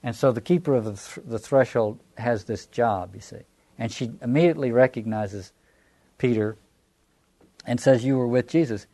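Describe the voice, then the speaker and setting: A man's voice: mid-range voice, normal speed, warm tone. A man with a Southern American accent, giving a reflective lecture on scripture, restarting phrases and posing rhetorical questions.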